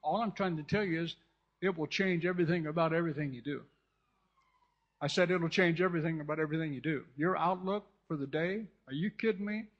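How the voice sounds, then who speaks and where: This California pastor's voice runs on the high side and moves fast as he preaches with fervent repetition. He frequently restarts and turns aside to address the congregation, and the recording is dull and lo-fi.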